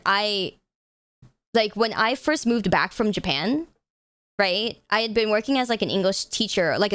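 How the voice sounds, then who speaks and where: A woman's voice: medium pitch, a bit bright, dry recording. A woman streaming live, chatting casually with her viewers, laughing often and swearing freely. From United States.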